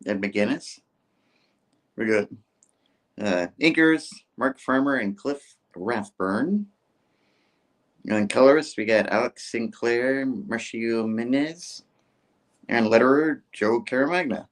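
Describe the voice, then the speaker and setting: A man's voice: medium pitch, slow pace, pauses often. A man hosting a comic book review show. He recaps an issue in a rambling, casual way, full of filler words. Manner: rambling, with filler words and mock character voices.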